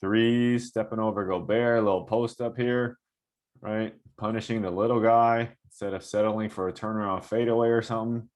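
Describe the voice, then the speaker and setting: Hoops trainer dude talking over game clips, lowish voice, keeps going "right?". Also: male voice, normal speed. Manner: animated, coaching asides with frequent "right?". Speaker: basketball trainer breaking down game film. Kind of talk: casual film-breakdown commentary.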